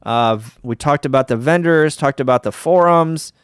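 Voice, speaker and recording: A man's voice: a little high, normal speed, clear, resonant tone, no echo, studio quality. A middle-aged man hosting a casual livestream, tired and rambling, with lots of ums, restarts and wry asides. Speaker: ham radio livestream host.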